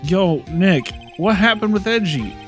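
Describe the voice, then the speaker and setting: A man putting on a goofy young slacker, high and whiny, tossing around yo and dude. His voice jumps well above a normal man's speaking pitch, loose and carefree. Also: animated, a little slow, faint music behind. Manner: whiny surfer-dude talk, says yo and dude.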